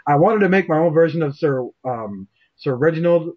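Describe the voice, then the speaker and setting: A man hosting a casual interview chat, animated and self-deprecating, swearing freely. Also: fairly high pitch, moderate pace, highs cut off. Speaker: show host.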